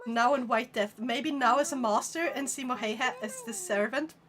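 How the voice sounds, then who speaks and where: A woman's voice: a little high, moderate pace, fairly bright tone. A woman from Sweden with a Swedish accent, chatting casually on a live stream, reading viewer comments aloud and laughing often.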